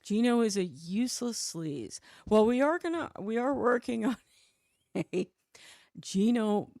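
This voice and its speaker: A woman's voice: lowish voice, a little mellow, no room sound, studio quality. A woman hosting a casual podcast chat show, talking freely and laughing often.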